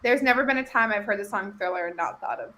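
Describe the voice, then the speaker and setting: A woman's voice: mid-range voice, fast talker, bright, forceful tone, a little hiss or hum. A woman of thirty co-hosting a casual movie chat, enthusiastic and full of fillers. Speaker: co-host.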